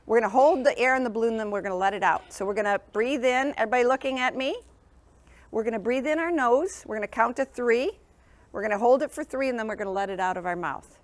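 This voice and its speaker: A woman's voice: fairly high pitch, fast talker, dry recording. Upbeat woman coaching a young class. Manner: encouraging, sing-song teacher talk with frequent check-ins. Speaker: sleep program presenter. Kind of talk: classroom presentation to young children. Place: school classroom.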